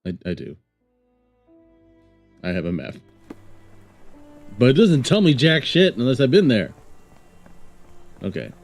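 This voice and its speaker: A man's voice: mid-range voice, wildly swooping pitch, unhurried, gravelly, long pauses, a little mellow, soft background music. A man streaming a game, joking and rambling casually while reading game text aloud. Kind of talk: casual let's-play commentary.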